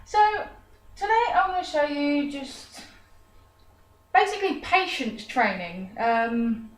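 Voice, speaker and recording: A woman's voice: sits high, very animated, slow pace. A woman teaching a dog trick in a chatty tutorial, breaking off to coo praise at her dog. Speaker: dog trainer. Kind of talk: casual how-to tutorial. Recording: echoey room, voice far from the mic.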